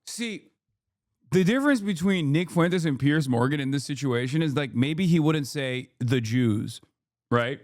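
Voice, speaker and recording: Male streamer, 30s, fairly high voice, punchy argumentative commentary, casual swearing. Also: lively intonation, measured pace, a little mellow, dry recording, studio quality. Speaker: streamer reacting to a debate clip.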